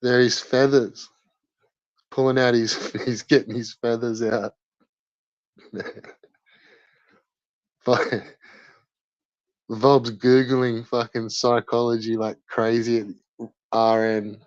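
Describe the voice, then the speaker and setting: A man's voice: mid-range voice, little pitch movement, takes it slowly, long pauses, no room sound. A young man doing live stream commentary, mocking a rival in profane banter with lots of laughter. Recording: dry, slightly dull lo-fi mic.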